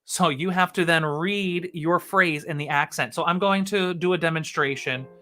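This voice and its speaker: A man with a bright, somewhat high voice hosts a light comedy stream. He rambles casually to camera and pokes fun at himself. Faint music plays underneath. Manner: rambling, self-mocking, quick to laugh.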